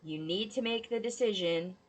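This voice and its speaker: A woman's voice: mid-range voice, moderate pace. A woman giving a casual tarot reading, talking bluntly and swearing freely in a chatty way. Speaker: tarot reader.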